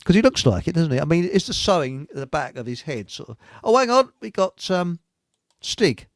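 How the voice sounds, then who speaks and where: A man's voice: on the high side, big pitch swings, moderate pace, no echo, clean studio sound. A man hosting a live chat show, rambling and giggling as he reads out messages. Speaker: host.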